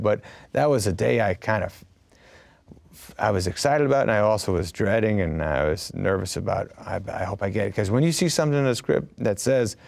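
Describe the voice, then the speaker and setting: A man's voice: on the low side, gravelly, darkish tone, no room sound. A man chatting casually as an actor, telling stories in a rambling way with many restarts and quoted dialogue. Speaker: actor in a conversation. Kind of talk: casual conversation.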